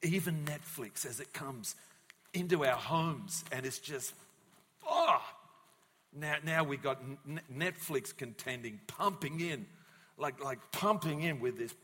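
A man preaching a sermon as pastor, telling a Bible story in a lively way and acting out the voices of the people in it. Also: fairly high pitch, measured pace, breathy edge. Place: church hall. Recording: long church hall reverb.

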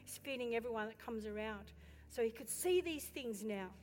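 A woman pastor preaching a sermon with passion, building to loud exhortation and turning to the congregation with chatty questions and asides. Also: on the high side, expressive, normal speed, a little hiss or hum. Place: church. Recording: echoey hall with faint music.

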